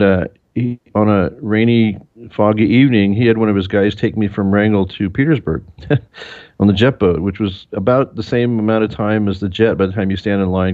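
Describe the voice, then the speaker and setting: A man with a lowish voice talks easily as an interview guest, spinning engineering anecdotes and perking up when he quotes others. The sound is thin and tinny, like a phone line. The room gives almost no echo. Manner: relaxed storyteller, animated when quoting others. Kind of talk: casual interview chat.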